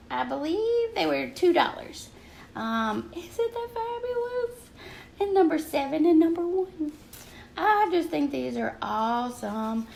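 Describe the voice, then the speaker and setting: A woman's voice: high voice, creaky, slight background noise. An older woman with a Southern American accent, rambling chattily on a craft livestream and greeting viewers by name. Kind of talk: casual livestream chat. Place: at home craft desk.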